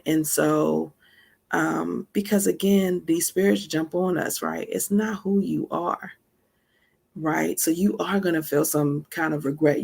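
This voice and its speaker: A woman with a low, gravelly, slightly rough, darkish voice gives a casual spiritual teaching talk. She speaks straight to her listeners conversationally, with frequent asides and emphatic remarks, laughing between points.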